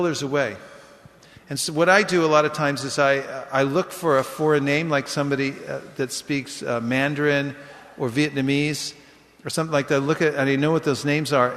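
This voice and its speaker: A man giving an informal class, telling lively anecdotes and acting out the people in them. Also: mid-range voice. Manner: animated storyteller, acts out voices in quotes. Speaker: book distribution speaker. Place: temple hall. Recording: echoey hall.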